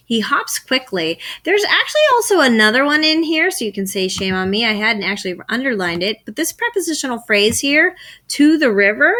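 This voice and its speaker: A woman's voice: on the high side, sharp tone. A woman teacher giving a recorded grammar lesson, asking questions and then answering them herself.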